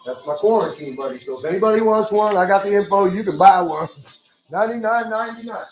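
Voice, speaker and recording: A man's voice: high-pitched, fast talker. A man hosting a casual livestream, joking, cursing and reading out viewer comments. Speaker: livestream host. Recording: echoey room, mic far off, music behind.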